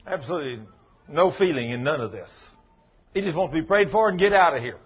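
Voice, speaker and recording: Husky folksy man preaching. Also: fairly high pitch, animated, fast talker, muffled recording. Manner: folksy, emphatic, acts out dialogue. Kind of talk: sermon with storytelling.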